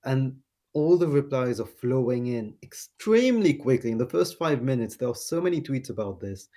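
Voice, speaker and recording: A man hosting a casual podcast, reading out online reactions in a relaxed way. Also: mid-range voice, normal speed. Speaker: podcast host.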